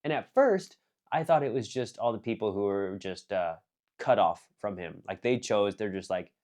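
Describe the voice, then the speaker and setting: A man casually reviewing an anime film, rambling with lots of fillers and restarts, jumping between excited bursts and quiet muttered asides. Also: lowish voice, moderate pace.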